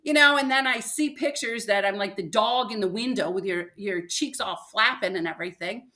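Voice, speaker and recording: Speaking in a mid-range voice at a normal speed, an older woman shares a personal story on a podcast as a guest. She tells it animatedly, acting out other people's words.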